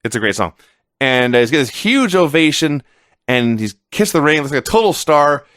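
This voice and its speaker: Animated man with a lively, higher voice. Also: moderate pace. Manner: animated, sarcastic storytelling. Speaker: podcast co-host. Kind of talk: casual wrestling review chat.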